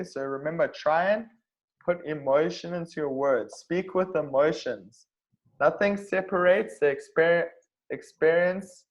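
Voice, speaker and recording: A male English teacher leads an online speaking lesson in an unhurried, deliberate way. His voice sits slightly high, and he keeps pausing to make sure the class follows along. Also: dull audio. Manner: patient, repetitive, checks understanding with "okay?".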